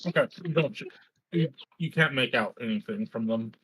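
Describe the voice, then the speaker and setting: A man's voice: medium pitch, moderate pace, a bit bright, husky. A man running a tabletop game as game master, narrating scenes with a playful, teasing manner.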